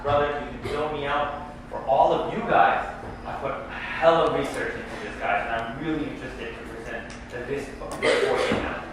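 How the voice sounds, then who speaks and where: A man's voice: high voice, fairly bright tone, a little hiss or hum. A man teaching a casual, joking lecture and asking the audience questions. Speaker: imam teaching tafsir. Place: large echoey hall. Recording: echoey hall from far off.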